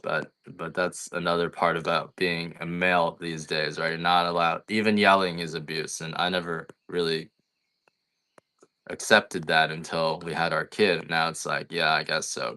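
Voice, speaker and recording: A middle-aged man talks casually and bluntly on a livestream, wandering from one complaint to the next. His voice sits low in pitch yet has a tense, bright edge. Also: steady tone, moderate pace. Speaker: coffee farmer selling on a livestream.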